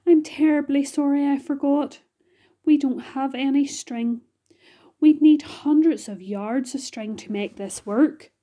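A woman voicing an earnest young boy in a storybook reading, quiet at times and firm at others. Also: sits high, fairly even intonation, measured pace, voice pushed up.

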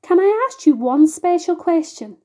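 A woman's voice: very high voice, sing-song, moderate pace, warm tone, pitched above the performer's own voice. A woman voicing a polite, curious young boy who asks eager questions. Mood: earnest.

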